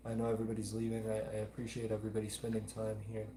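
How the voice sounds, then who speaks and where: A man's voice: on the low side, monotone, very fast, a crowd in the background. A young man with a mild Alabama accent, hosting a live stream and earnestly reading viewer comments aloud. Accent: mild Southern US (Alabama). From Alabama, United States. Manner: earnest, repeats pleas, reads chat aloud.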